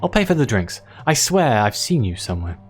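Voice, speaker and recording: A man's voice: medium pitch, big pitch swings, brisk, faint music behind, lightly acted. A man voicing a fussy, impatient bald male stage magician with a posh English accent and a demanding manner. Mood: apologetic. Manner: huffy, demanding.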